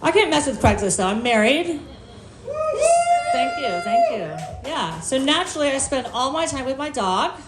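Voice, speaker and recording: A woman's voice: high voice, big pitch swings, moderate pace, over loud music. A woman doing a stand-up set on a bar stage, telling stories in a brash, profane, self-mocking way. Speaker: stand-up comedian. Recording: echoey live room.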